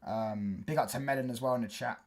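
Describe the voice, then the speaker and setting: Fairly quick and a little mellow, this young man's mid-range voice carries a casual football livestream. He chats in slang, drifting along with fillers as he goes.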